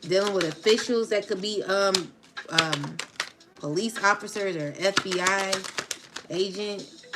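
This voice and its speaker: A woman doing a casual tarot reading, taunting and laughing as she talks to her viewers. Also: medium pitch. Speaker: tarot reader. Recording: music playing underneath. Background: music.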